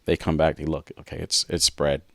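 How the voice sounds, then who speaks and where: A man's voice: extremely low pitch, flat delivery, a little fast, creaky, fairly bright tone, dry recording. A man co-hosting a podcast, candidly telling a personal story in an earnest way and acting out past conversations. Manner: earnest, reenacts past dialogue. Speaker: podcast co-host.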